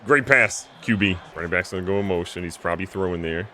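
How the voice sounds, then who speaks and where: Male gaming creator, lively play-by-play with sudden loud outbursts, bright tone, faint noise. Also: fast. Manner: animated, jokey, swings between loud outbursts and low mutters. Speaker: gaming YouTuber. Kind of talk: excitable video game commentary.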